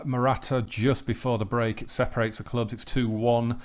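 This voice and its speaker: A man's voice: medium pitch, moderate pace. A man hosting a football management game let's play, calling the match like a commentator and chatting about his tactics. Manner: excited play-by-play, then calm chatty asides.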